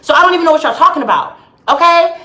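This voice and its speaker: A woman ranting heatedly and emphatically to her viewers on a live stream from home, her voice swinging widely in pitch. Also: animated, racing, bright, forceful tone, echoey room. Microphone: phone or webcam live stream.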